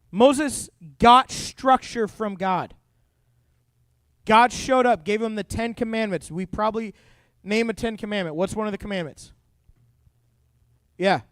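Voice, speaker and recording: Young guy youth pastor, pretty high voice, super lively, dry close sound, jumps into little voices. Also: dry recording. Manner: animated, acts out quoted voices, jokey. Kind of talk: youth sermon. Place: church youth room.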